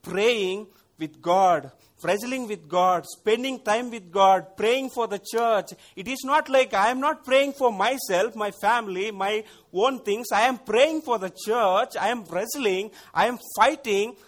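Earnest high-voiced male preacher. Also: a little slow, hardly any pauses. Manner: earnest, emphatic preaching with pleading prayer passages. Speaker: pastor. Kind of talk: sermon.

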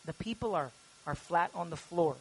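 A man preaching a sermon as pastor, earnest and animated, rising loud when he acts out quoted prayers. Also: on the high side, moderate pace, slightly rough, poor audio.

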